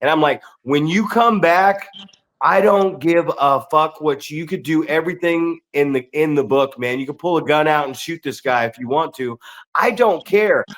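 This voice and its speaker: A middle-aged man with a voice pitched a touch high, speaking in a relaxed podcast conversation. He explains things bluntly and swears freely, like a seasoned trainer. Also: a little fast, hardly any pauses. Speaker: veteran wrestler and trainer. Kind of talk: casual podcast chat.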